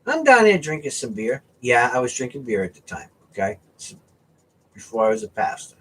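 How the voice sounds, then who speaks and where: A man from the US East Coast telling a casual fishing story, animated and often checking in with "right?". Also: mid-range voice, brisk, slight background noise. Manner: animated, keeps asking "right?". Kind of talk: casual anecdote.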